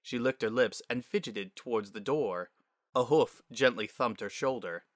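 A man narrating a dramatic audiobook reading in a measured, expressive way. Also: medium pitch, dry recording, studio quality.

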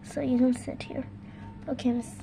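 A woman's voice: high-pitched, flat delivery, normal speed, vocal fry, warm tone. A woman narrating a pretend-school play session, switching between a teacher and her pupils. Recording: noisy home recording.

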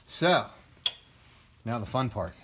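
A man hosts a do-it-yourself car repair video from his garage, narrating casually and chatting to himself with jokey asides as he works. His medium-pitched voice swings widely in pitch, and he takes it slowly. There's background noise.

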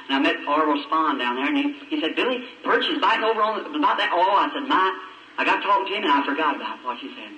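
A man's voice: fairly high pitch, lively intonation, fast talker, bright, forceful tone, dull audio. A man preaching in a folksy, emotional storytelling way with plain country grammar, recorded from a distance on an old roomy sermon tape.

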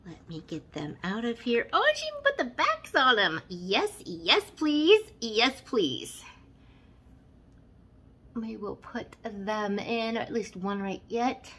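A woman's voice: fairly high pitch, sing-song, slow, bright, forceful tone, slightly rough. A woman vlogger chatting casually while unboxing, gushing and exclaiming over everything. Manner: gushing, effusive, exclaims often.

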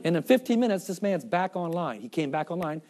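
Man, high voice, animated salesman, jokey, talking to a room. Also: fairly quick. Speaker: product presenter. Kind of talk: sales presentation to an audience.

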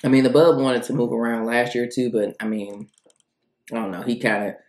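A woman's voice: rumbling low, fairly even intonation, brisk, darkish tone, reverberant. A woman reviewing cookies in a casual food vlog, chatty and rambling, thinking aloud between bites.

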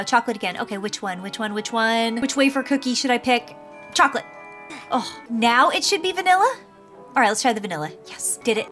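Female gaming host, high bouncy voice, excitable play-by-play, faint game music underneath. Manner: excitable, gushing running commentary. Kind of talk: gameplay commentary.

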